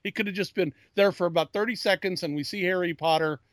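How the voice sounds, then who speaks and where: High-pitched, fast, and a bit bright, a man's voice comes through clean studio sound with no room sound. Co-hosting a relaxed pop-culture podcast, he rambles, keeps restarting his sentences, and describes himself as a geek.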